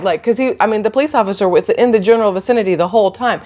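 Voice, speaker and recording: A woman's voice: medium pitch, racing, few pauses. A woman, telling a story casually to her phone and acting out the people in it with lots of energy. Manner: animated, chatty, laughs and gasps while retelling. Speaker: vlogger.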